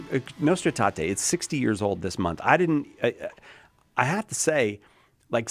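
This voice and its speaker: A man's voice: lowish voice, no room sound. A man hosting a call-in radio show, chatty, laughing often and trailing off mid-sentence. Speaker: radio host. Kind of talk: casual radio talk.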